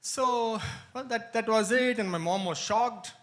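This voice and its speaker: Male retreat speaker, high-pitched, animated anecdotal storyteller. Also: measured pace. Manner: animated storytelling, frequent laughs. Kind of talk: anecdotal talk. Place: hall, live-streamed.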